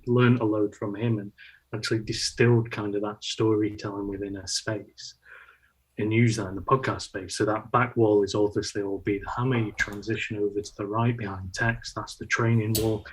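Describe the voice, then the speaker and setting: A man speaks as a podcast guest in a husky, somewhat low voice. He keeps a flat, level tone and talks haltingly, with frequent ums and likes. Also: low-quality recording. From United Kingdom. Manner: halting, with many fillers. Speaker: podcast guest, brand manager. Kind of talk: casual podcast conversation.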